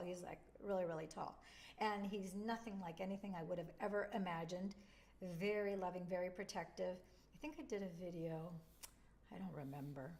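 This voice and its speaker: A woman hosting a spiritual video, speaking casually and emotionally straight to the camera, chatty and blunt. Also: on the low side.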